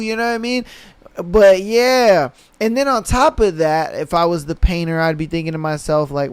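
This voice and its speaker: A man's voice: high-pitched, moderate pace, clear, resonant tone, no echo. A young man hosting a casual solo podcast, talking in a laid-back, slangy way and laughing often. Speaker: podcast host.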